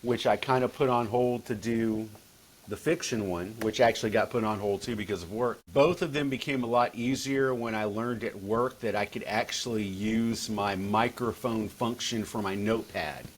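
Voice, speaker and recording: A man's voice: fairly low pitch, normal speed. Rambling man. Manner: rambling, restarts and repeats. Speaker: guest author. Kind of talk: casual podcast chat.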